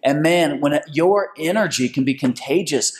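Energetic preacher man. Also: fairly high pitch, moderate pace. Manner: energetic, excited. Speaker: pastor. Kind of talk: sermon.

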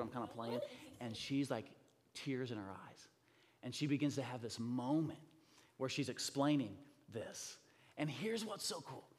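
A man in his thirties preaching a sermon, telling a story with acted-out voices and swinging from loud bursts to near whispers. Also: mid-range voice. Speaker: pastor. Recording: long reverb of a large hall.

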